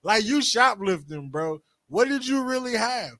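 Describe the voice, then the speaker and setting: A man with a notably high voice riffs bluntly and profanely as a comedy podcast co-host. His voice is recorded dry and close, with no room echo. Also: very animated, a little slow, bright, forceful tone. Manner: blunt, joking, profane riffing. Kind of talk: crude comedic podcast chat.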